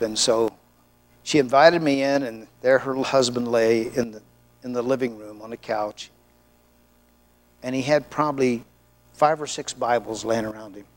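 With a mid-range voice, this middle-aged male pastor weaves storytelling into his sermon. He's a lively narrator who performs the voices of each character in his anecdotes.

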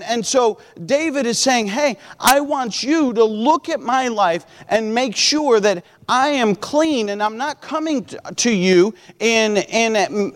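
A man's voice: sits high, long reverb tail. A man preaching a sermon in an earnest, repetitive way, with many fillers and restarts.

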